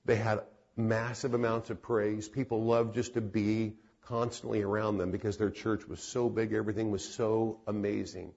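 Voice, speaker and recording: Gravelly, husky-voiced male pastor preaching. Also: on the low side, little pitch movement, normal speed, a little mellow, dull audio. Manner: earnest, repeats phrases for emphasis. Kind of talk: sermon storytelling.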